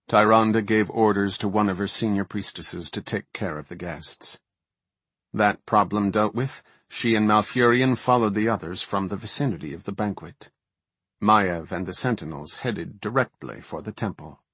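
A man narrating an audiobook in an even, unhurried read. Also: lowish voice, slightly rough, no room sound. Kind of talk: scripted narration.

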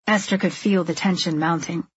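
A woman reads a novel aloud in a low, husky voice, steady and measured. The sound is dry and close, with slightly dull audio. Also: no room sound. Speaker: audiobook narrator. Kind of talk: scripted narration.

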